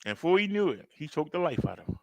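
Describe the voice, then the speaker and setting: A man with a very animated, higher voice and some vocal fry talks very fast in a dry recording as he hosts a reaction video. His casual commentary is emphatic and conversational, addressed to viewers, with outbursts acted out as he tells a story.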